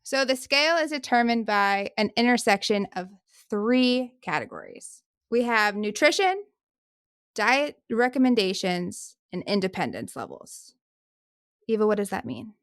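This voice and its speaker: A woman co-hosting a casual podcast, upbeat and quick to recap the main points. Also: medium pitch, sing-song, a bit bright, no echo, studio quality. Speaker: podcast co-host, speech-language pathologist.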